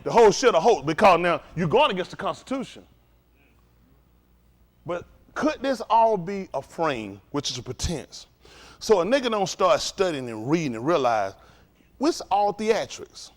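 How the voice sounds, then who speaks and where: A man preaching a fiery lesson, his voice sitting high and leaping around with animated swings. He is profane and provocative, peppering the room with rhetorical questions. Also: moderate pace. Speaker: teacher of a religious study group.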